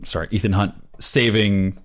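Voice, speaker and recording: In a steady, deep voice at a normal pace, a male podcast co-host chats casually about a movie. His review wanders, full of fillers and restarts.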